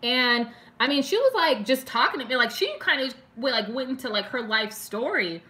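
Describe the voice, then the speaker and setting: Bright-voiced chatty young woman. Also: fairly high pitch, animated, normal speed, a little hiss or hum. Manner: chatty and emotional, heavy use of "like", reads viewer comments aloud. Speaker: beauty vlogger doing a live stream. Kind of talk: casual chat with live viewers.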